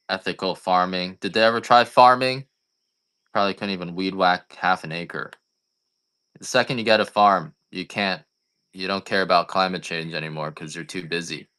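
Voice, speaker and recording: A deep-voiced man selling coffee on a live stream, talking in a loose, casual way. His tone is bright and forceful, and he keeps sliding into rambling, joking rants. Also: clear, resonant tone.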